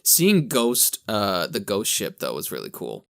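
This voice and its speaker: A man's voice: fairly low pitch, huge pitch swings, measured pace, vocal fry, a bit bright, smooth. A man co-hosting a podcast in casual chat, rambling and correcting himself, with a slight lisp. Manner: rambling, self-correcting, laughs at own jokes. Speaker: podcast co-host.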